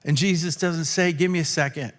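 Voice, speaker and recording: A man preaching a sermon in a church, acting out quotes and swinging from loud to hushed. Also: fairly high pitch, fairly even intonation, fairly quick. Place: church hall.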